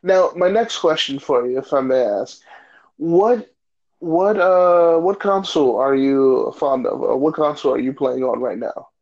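A man's voice: on the high side, animated, measured pace, a little mellow, lo-fi sound. An American man hosting a casual gaming chat, joking and hyped though tired late at night. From United States. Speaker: podcast host.

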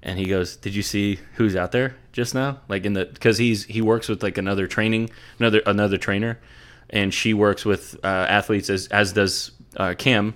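Casual, low-voiced man telling fan stories. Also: fairly even intonation, normal speed, fairly bright tone. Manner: profane, rambling storyteller. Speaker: podcast host. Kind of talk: casual chat.

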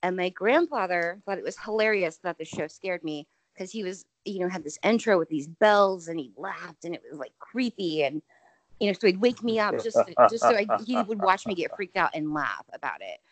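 A woman's voice: lowish voice, expressive, normal speed, no echo, poor audio. Woman in her 40s, chatty panel guest, many fillers, dry close sound. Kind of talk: casual panel chat.

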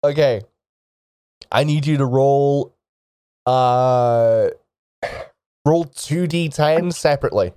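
Slow-talking male game master, halting, dry close sound. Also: mid-range voice, warm tone, smooth, no room sound. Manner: halting, with many restarts and laughs. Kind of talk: narrating a tabletop game.

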